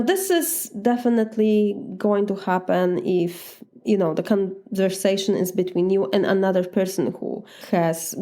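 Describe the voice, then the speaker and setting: A woman's voice: medium pitch, warm tone. A woman with a Polish accent, coaching listeners in a direct, casual talk and acting out replies. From Poland. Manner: direct, demonstrates replies aloud. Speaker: life coach.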